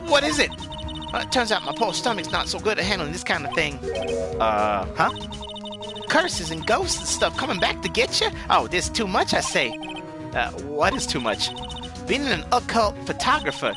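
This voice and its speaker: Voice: mid-range voice, voice pushed up. A streamer voicing a brash, nosy young country photographer with a put-on Southern accent, in a let's-play. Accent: put-on American Southern. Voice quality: twangy, folksy.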